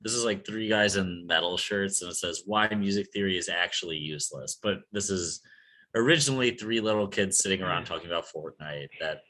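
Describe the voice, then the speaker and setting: A man with a low, bright-edged voice describes memes to his co-hosts. He talks in a loose, halting way, stopping often with fillers. It sounds like a casual podcast chat. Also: rough recording. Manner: relaxed, halting, many fillers. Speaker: podcast co-host.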